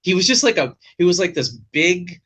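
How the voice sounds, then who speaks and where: Animated bright-voiced man on a video call. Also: high voice, normal speed, breathy edge. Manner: animated storyteller, swears freely. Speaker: podcast host. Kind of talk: casual chat.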